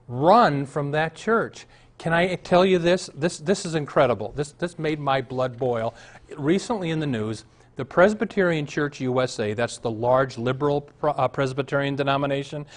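Impassioned male pastor preaching. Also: fairly high pitch. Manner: storytelling, rising to emphatic outbursts. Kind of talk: sermon.

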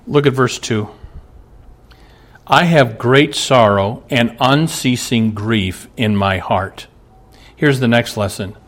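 A man's voice: mid-range voice, takes it slowly. A middle-aged male pastor preaching a sermon, earnest, asking the congregation rhetorical questions.

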